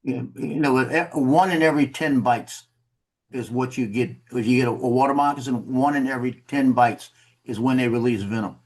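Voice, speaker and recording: A man's voice: medium pitch, a little fast. A man casually telling a story over a video call, rambling and repeating words, laughing at his own tale.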